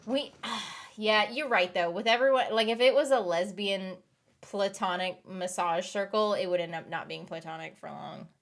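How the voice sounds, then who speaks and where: A woman's voice: medium pitch, moderate pace. A woman in her thirties chatting casually with her stream viewers late at night, giggly and rambling, laughing often and trailing off, tired. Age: 30s.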